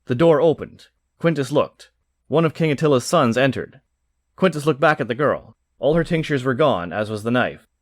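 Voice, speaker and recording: Male narrator for comic fiction, animated reading, dry sound. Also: medium pitch, moderate pace, dry recording. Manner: lively, expressive reading. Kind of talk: audiobook narration.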